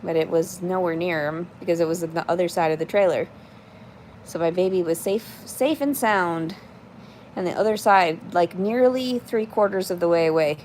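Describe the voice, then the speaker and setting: A woman's voice: fairly low pitch, moderate pace, darkish tone, a little hiss or hum. A woman in her thirties livestreaming in casual chat, reading out comments and answering them in a blunt, profane, rambling way.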